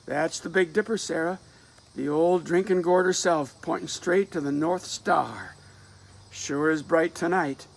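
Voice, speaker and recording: A restless, defiant young man of nineteen, as a male reader voices him. He talks with teasing confidence in rural dialect, his words gravelly and slow. The voice sits a bit high for a man. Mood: defiant, wistful. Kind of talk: dramatic reading of a play.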